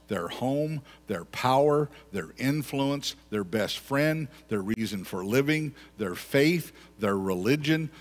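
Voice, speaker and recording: Man preaching in a reverberant church. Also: on the low side. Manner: conversational preaching with repeated phrases. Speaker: pastor. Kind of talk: sermon. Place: church sanctuary. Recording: long church hall reverb.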